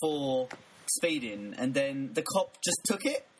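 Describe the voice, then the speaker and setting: A young man chatting on a podcast in a laid-back, sweary way, his pitch right in the middle range. A faint hiss runs under his voice. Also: big pitch swings, takes it slowly. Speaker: podcast co-host. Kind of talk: casual chat.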